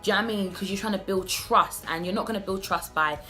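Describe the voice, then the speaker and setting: A woman's voice: medium pitch, fast, bright, forceful tone, faint music behind. A woman in her twenties talking straight to the camera in a heartfelt vlog, earnest and personal, often restarting her sentences. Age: 20s. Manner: earnest, direct address with many restarts. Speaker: vlogger. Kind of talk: heartfelt self-love vlog talk.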